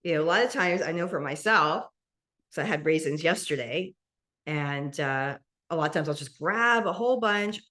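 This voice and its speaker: A woman with a fairly low voice leads a mindful eating meditation, her pace slow and gentle. She guides students step by step and laughs softly now and then. She speaks over a video call. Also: expressive. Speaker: meditation instructor.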